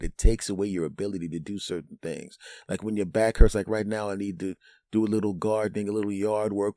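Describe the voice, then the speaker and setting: A man's voice: low-pitched, a little mellow, no room sound, clean studio sound. A man hosting a comedic podcast monologue, rambling through jokey asides and often tossing in a "right?". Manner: rambling, keeps asking "right?". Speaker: podcast host.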